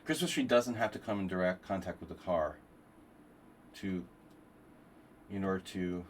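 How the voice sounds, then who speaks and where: A man's voice: low voice, moderate pace, a little hiss or hum. A man hosting a live chess stream, thinking aloud through move lines with rambling asides. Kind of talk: live-stream commentary while playing.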